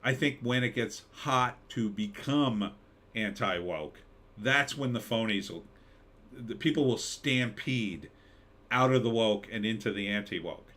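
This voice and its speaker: At a measured pace, a man with a fairly low, slightly bright voice hosts a casual live stream and goes through viewer comments. His mid-Atlantic American accent carries a rambling, chatty manner broken up by mock announcer bits.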